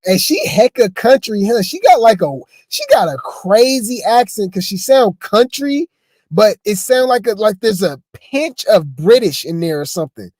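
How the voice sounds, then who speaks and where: A man's voice: sits high, big pitch swings, moderate pace, a little mellow, no echo, studio quality, soft background music. A man giving casual reaction commentary on video clips, chatty and stammering, throwing asides to his viewers. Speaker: commentary host.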